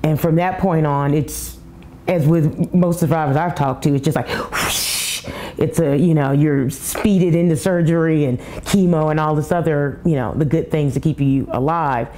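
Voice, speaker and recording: A middle-aged woman speaking candidly and emotionally about her own illness, with rushed asides and restarts. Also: low-pitched, steady tone, dark tone. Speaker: breast cancer survivor telling her story. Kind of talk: personal testimony.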